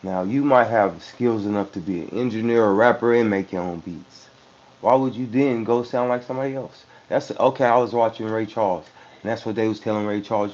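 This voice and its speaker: A man's voice: on the low side, a little fast, a little mellow. A man who raps, talking loosely and profanely in a casual interview, with frequent restarts. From San Francisco Bay Area. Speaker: rapper. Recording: muffled lo-fi recording with faint hum.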